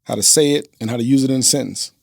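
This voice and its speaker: A man's voice: mid-range voice, rapid-fire, gravelly, no room sound, studio quality. Earnest middle-voiced male podcast guest. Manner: earnest, instructive storyteller with fillers. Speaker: guest, business owner and father. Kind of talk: casual interview chat.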